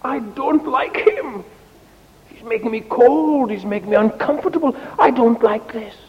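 A man's voice: very high voice, unhurried, in a large hall, lo-fi sound, pitched above the performer's own voice. A man voicing a complaining talking fire that whines plaintively about being blown on. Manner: whiny, fussy and plaintive. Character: whining, complaining fire that hates the cold bellows.

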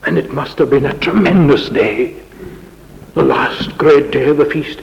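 A man preaching a sermon in a church, with dramatic rising questions and sudden quiet passages. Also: on the high side, measured pace, creaky, in a large hall, low-quality recording.

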